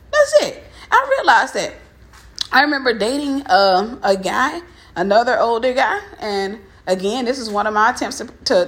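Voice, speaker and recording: A woman from tells a personal story in a frank vlog. Her voice sits a little high and has a husky, breathy grain. She speaks candidly and addresses her listeners directly. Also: fairly bright tone. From Mississippi. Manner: walking up stairs while talking.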